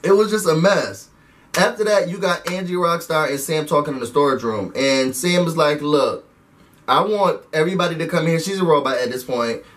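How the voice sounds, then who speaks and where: A man giving a chatty, animated recap and rant to his viewers, calling them "y'all" as he talks. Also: fairly high pitch, moderate pace, far from the mic. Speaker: reality TV recap vlogger. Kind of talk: casual recap rant to camera.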